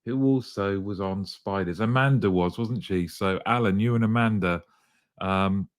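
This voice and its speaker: Brief: male live-show host, upbeat and jokey, slightly croaky, lowish voice, dry close sound. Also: normal speed, no room sound. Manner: upbeat, greets viewers by name, jokey. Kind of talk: live show chat reading comments.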